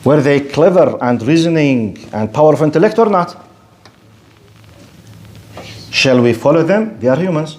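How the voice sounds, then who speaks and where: With a medium-pitched, slightly mellow voice, the Arabic-first-language lecturer speaks English natively at a measured pace, pausing often. His religious lecture is expressive and animated, built on rhetorical arguments against imagined objectors.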